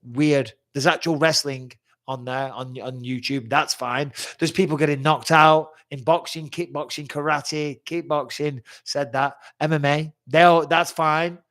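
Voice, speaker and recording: A man's voice: on the high side, fairly even intonation, unhurried, a bit bright. Blunt, chatty man in his forties. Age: 40s. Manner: blunt, chatty, swears freely. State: recovering from a cold-like illness. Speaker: host of a live fan chat. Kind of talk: casual live chat answering fan questions.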